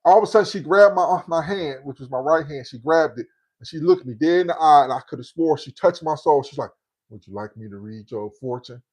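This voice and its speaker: A livestream host in his fifties casually tells a story, animatedly acting out the voices of the people in it. He talks fast, his voice a little high and slightly rough.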